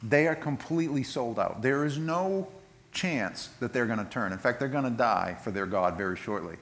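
A man preaching a sermon in a conversational way, retelling scripture with lively asides and frequent restarts. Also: medium pitch, moderate pace. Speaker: pastor.

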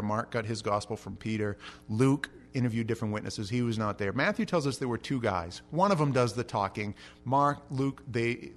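A man preaching an expository sermon, telling the story with animated energy and shouting out the quoted lines. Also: mid-range voice. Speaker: pastor.

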